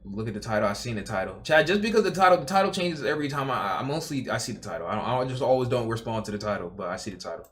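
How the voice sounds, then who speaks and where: A man's voice: mid-range voice, very animated, rapid-fire, few pauses, fairly bright tone, a little hiss or hum. A young man streaming, reacting casually to a video, rambling and repeating himself while swearing and talking to his chat. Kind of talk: casual live reaction commentary.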